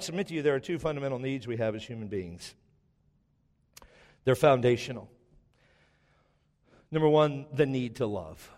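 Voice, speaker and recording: A middle-aged man preaching a sermon as a pastor, rising to loud emphatic peaks and dropping to quiet storytelling. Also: animated, normal speed, pauses often. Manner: impassioned preaching, swells loud and high then drops to storytelling. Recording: long reverb of a large hall.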